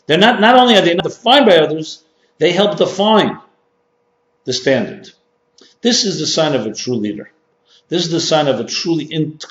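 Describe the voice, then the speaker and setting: A man teaching as a rabbi, speaking with emphatic repetition and pushing his key points higher and louder. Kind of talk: sermon-style workshop lecture. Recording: dull, echoey hall recording.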